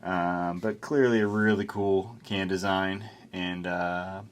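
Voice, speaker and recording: A man's voice: low voice, fairly even intonation, slow pace. A man co-hosting a beer review show, talking in a laid-back, rambling way with plenty of fillers. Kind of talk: casual beer review chat.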